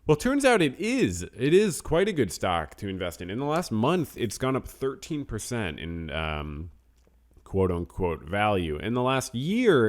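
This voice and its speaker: Rambling low-voiced man hosting a podcast. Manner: rambling and self-deprecating, trailing off to mutters. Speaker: podcast host. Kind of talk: casual podcast talk, reading names and news.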